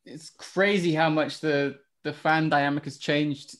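A man's voice: fairly high pitch, fairly even intonation, unhurried, fairly bright tone. A man hosting a casual football podcast, steering the talk and asking questions. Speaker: podcast host.

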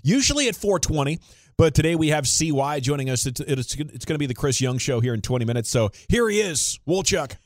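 A man's voice: on the high side, very animated, a little fast, no echo, clean studio sound. A man hosting sports radio, upbeat and bantering. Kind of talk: upbeat radio show intro.

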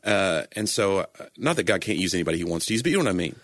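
A man's voice: low-pitched, very animated, very fast, fairly bright tone, no room sound, clean studio sound. A man who performs and speaks at churches, chatting earnestly about faith and often correcting himself mid-thought. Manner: earnest, rambling, self-correcting. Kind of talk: casual faith conversation.

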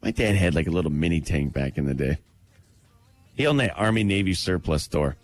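A man co-hosting a show, telling excitable stories in casual banter. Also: deep voice, fairly quick, faint music behind. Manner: excitable, tells stories with "dude". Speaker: radio show co-host.

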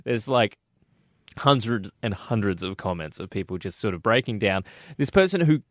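Aussie bloke co-hosting radio, bouncy animated voice, dry close studio mic, laughs a lot. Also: male voice, lowish voice, normal speed, no room sound. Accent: Australian. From Western Australia. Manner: chatty, laughing, animated storytelling. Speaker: radio show co-host. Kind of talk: casual breakfast radio banter.

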